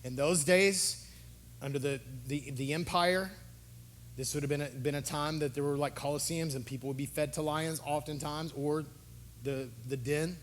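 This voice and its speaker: A male pastor preaching a sermon in an impassioned way, moving between hushed low talk and loud, urgent exhortation. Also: fairly even intonation, moderate pace, a little hiss or hum.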